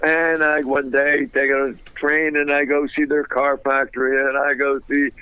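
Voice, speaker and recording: A man telling a business story in a fast, animated, wisecracking way, laughing at his own punchlines. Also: medium pitch, clean tone, highs cut off. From United States.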